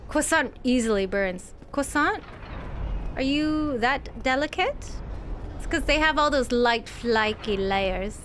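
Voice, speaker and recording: A bright, high-pitched woman gives live gameplay commentary. Her voice swoops and bounces as she chats with viewers and mutters to herself. She is playful and casual, and throws in the odd swear. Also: animated, takes it slowly, slight background noise. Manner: chatty and playful, swears, talks to herself and to chat. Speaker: game streamer.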